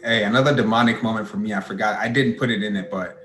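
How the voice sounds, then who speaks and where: Low-voiced man in laid-back banter. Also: fairly even intonation, quick pace, a bit bright, a little hiss or hum. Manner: laid-back, joking banter with sudden pitch jumps. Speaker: podcast co-host. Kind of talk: casual chat. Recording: roomy room, faint ambience.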